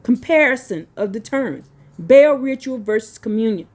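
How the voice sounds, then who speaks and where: A woman reading religious notes slowly, then breaking into blunt, profane, scolding asides. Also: fairly high pitch, lively intonation, darkish tone. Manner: slow deliberate reading broken by scolding rants. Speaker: religious teacher.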